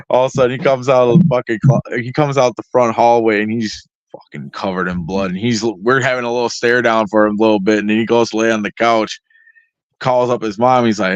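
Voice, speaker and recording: A man's voice: medium pitch, fairly even intonation, fast, no echo. A profane, rambling male guest on a dry recording. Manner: heavily profane, rambling with fillers. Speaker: guest artist. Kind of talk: casual storytelling. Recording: dry, slightly dull lo-fi sound.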